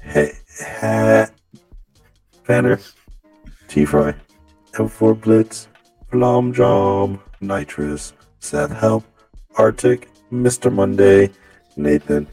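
Man co-host, vocoded robot voice effect, slow halting read, lowish pitch. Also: lively intonation, loud music behind the voice, poor audio. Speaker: podcast co-host. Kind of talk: reading patron thank-yous.

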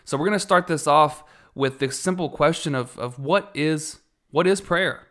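A man, a church minister and co-host, speaking in a measured, thoughtful way in a casual ministry chat, with some fillers. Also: on the high side, fairly bright tone.

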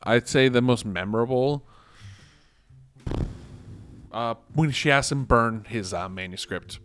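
A man co-hosting a casual movie podcast, talking in a low-key way and often trailing off quietly. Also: unhurried. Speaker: podcast co-host. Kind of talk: casual movie-discussion chat.

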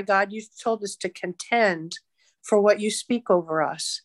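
A woman's voice: medium pitch, unhurried, no echo. A woman evangelist, a podcast guest, leading a fervent, rhythmic spoken prayer. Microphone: podcast mic.

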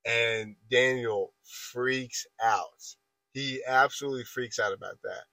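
A man's voice: medium pitch, takes it slowly, bright, forceful tone, no echo, poor audio. A man in his twenties casually telling a long story on a podcast, rambling and restarting his sentences as he retells an argument. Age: 20s. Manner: rambling, repeats filler phrases and restarts while retelling an argument.

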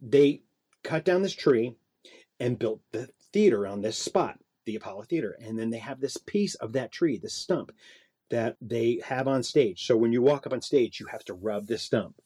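A man recounts a backstage story in a rambling, animated way, often second-guessing himself. His voice is warm and mellow and swings widely in pitch. The sound is close and dry. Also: moderate pace, breathy edge, dry recording. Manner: rambling, self-doubting, animated. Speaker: guest, performer. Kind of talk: casual storytelling.

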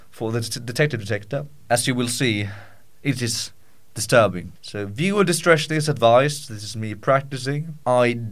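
A man hosting a storybook show, chatting casually and self-deprecatingly with many fillers and restarts. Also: mid-range voice. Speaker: host and story reader. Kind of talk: casual behind-the-scenes chat.

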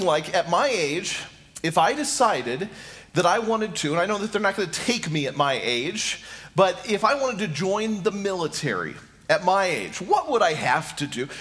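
Middle-aged male pastor with a high, animated delivery; preaches by stacking rhetorical questions. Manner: repeats questions rhetorically, addresses listeners directly. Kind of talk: sermon.

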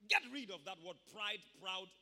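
A man preaching a sermon emphatically, with loud bursts. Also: high voice, lively intonation, moderate pace. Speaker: pastor. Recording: long hall reverb.

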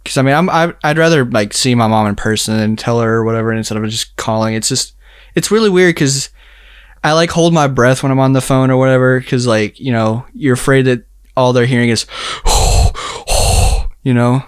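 A young man talks in a loose, rambling way, piling up filler words and breaking into laughs. His voice is smooth and clean, recorded close and dry with no room sound. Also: mid-range voice, normal speed, no room sound. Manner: rambling, filler-heavy, laughs while telling a story. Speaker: storyteller in a casual chat. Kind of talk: casual chat.

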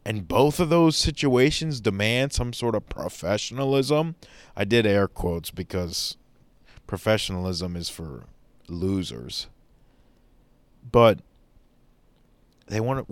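Slow, smooth-voiced motivational man. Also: on the low side, expressive, no room sound. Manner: rambling, enthusiastic, preachy motivational. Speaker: podcast host. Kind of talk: solo podcast monologue.

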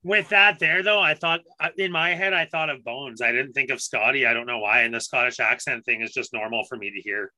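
A man's voice: medium pitch, brisk, hardly any pauses, sharp tone, no room sound, rough recording. A man co-hosting a podcast in casual chat, laid-back and reflective, with casual swearing. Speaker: podcast co-host.

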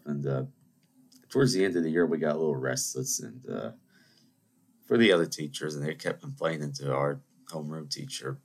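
A young man with a very deep, low voice spins rambling anecdotes for a podcast. He drifts off on tangents, restarts his sentences and keeps circling back with asides. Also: a little fast. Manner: meandering, many restarts and asides. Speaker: podcast host.

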